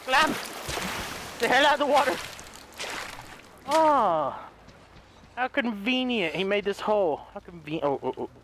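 Male gaming host, high lively voice, excitable commentary over noisy game sounds. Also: measured pace, long pauses. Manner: excitable, yelps and talks to enemies. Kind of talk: casual gameplay commentary. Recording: voice over loud game audio. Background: game sound effects.

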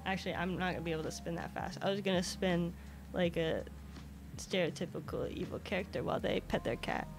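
A woman's voice: on the low side, expressive, a little fast, vocal fry, over music. A woman streaming from her home desk in a casual chat, coaxing her cat in a sing-song voice. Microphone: desk microphone.

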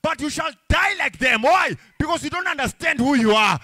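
High-voiced fervent male preacher. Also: lively intonation, moderate pace, dry recording. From Africa. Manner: fervent preaching with chanted, sung phrases and shouts. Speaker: pastor. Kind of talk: sermon.

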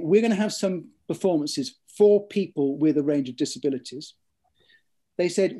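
Author guy chatting in an interview, bit high voice, mellow, lots of ums and repeats. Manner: measured storytelling with frequent ums and repeated words. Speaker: author interviewed about his books. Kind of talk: thoughtful interview conversation.

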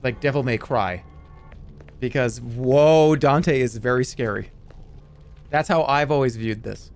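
A man's voice: mid-range voice, measured pace, gravelly, darkish tone, a little hiss or hum. A man streaming a video game, chatting casually with viewers in a jokey, exaggerated way. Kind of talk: casual livestream chat while gaming. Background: game music.

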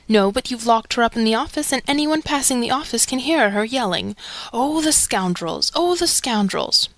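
A woman's voice: a little high, brisk, no room sound, close to an everyday voice. A woman voicing an indignant male secretary. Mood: accusing. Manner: excited, exclaiming, emphatic.

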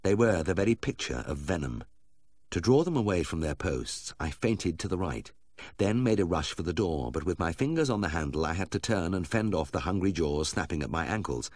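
A man's voice: deep voice, expressive, fairly quick, a little mellow, no room sound. A man narrating an audiobook in a dry, wry storytelling manner. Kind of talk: scripted narration.

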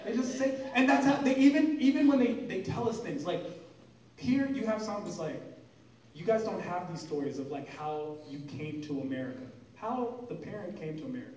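A male stand-up comedian telling animated stories about his family on stage. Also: high-pitched, a little hiss or hum. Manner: animated, storytelling, fast bursts and laughs. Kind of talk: stand-up set. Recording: echoey room, far from mic, crowd laughing.

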